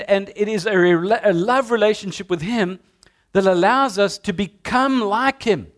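A middle-aged man, preaching a sermon as a pastor in an animated storytelling way. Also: sits high. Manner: storytelling, animated with acted-out sounds.

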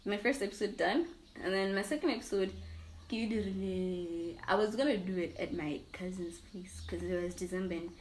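A young woman chatting casually as a podcast guest, animated and self-deprecating, often laughing. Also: mid-range voice, moderate pace, a little hiss or hum. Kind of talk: casual interview chat.

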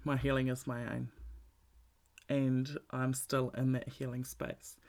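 A man's voice: medium pitch, level tone, slow pace, gravelly, a little mellow. A man giving a blunt, profane, candid talk about emotional healing, repeating his points for emphasis.

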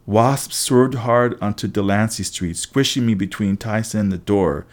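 A man's voice: on the low side, moderate pace, few pauses. A man narrating a first-person story aloud, with occasional slips and restarts. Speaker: audiobook reader.

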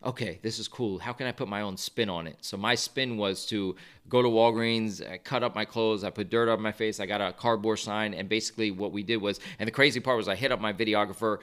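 Fast-talking man telling a story. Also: on the low side, clear, resonant tone. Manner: animated storyteller, acts out quoted voices. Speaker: guest, video creator. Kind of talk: casual storytelling interview.

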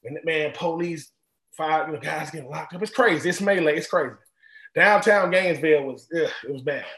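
A man's voice: on the high side, fairly quick, fairly bright tone, roomy sound. A man, a former college football player, telling stories casually and animatedly, often repeating and restarting phrases. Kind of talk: casual storytelling.

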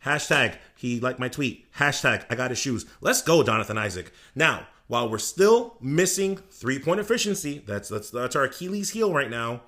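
A man co-hosting a sports podcast, talking in an excitable, boastful way about his favorite team. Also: medium pitch, normal speed, hardly any pauses. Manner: excitable, boastful fan talk. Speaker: podcast co-host. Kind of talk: casual sports chat.

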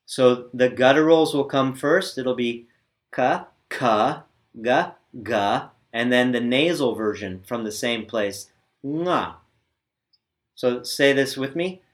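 Slow, patient male pronunciation teacher. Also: mid-range voice. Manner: patient, demonstrative, repeats sounds for students; frequent "right?" check-ins. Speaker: language teacher. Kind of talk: spoken lesson on pronunciation.

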